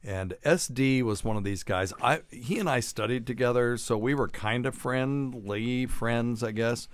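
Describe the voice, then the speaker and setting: A man's voice: medium pitch, measured pace. A middle-aged man, a doctor hosting a show, telling profane, rambling anecdotes in casual chat.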